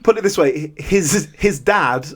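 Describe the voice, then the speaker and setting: A man's voice: a little high, expressive, a little slow, a bit bright, slightly rough. A man co-hosting a podcast, chatting casually and laughing often. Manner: chatty, laughs often, puts on comedy accents. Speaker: podcast co-host.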